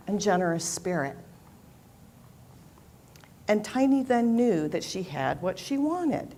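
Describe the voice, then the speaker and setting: A woman leading a worship service, telling a children's story gently, with soft repeated refrains. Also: fairly high pitch, sing-song, measured pace, slightly rough. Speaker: worship leader. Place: church sanctuary.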